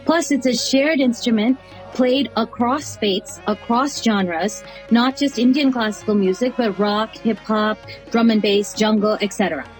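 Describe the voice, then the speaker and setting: A woman guest in an interview, telling stories in a lively, animated way with frequent laughter and acted-out dialogue, with an American accent. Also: fairly high pitch, unhurried, faint music behind, poor audio. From United States. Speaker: interview guest, artist and chaplain. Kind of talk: animated storytelling in conversation.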